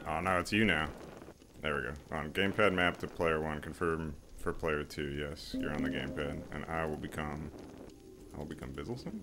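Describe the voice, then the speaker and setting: A man's voice: extremely low pitch, flat delivery, normal speed, background noise. A man joking and laughing through co-op gaming commentary, with music behind. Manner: jokey, laughs often. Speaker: co-op gamer. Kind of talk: let's play commentary. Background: background music.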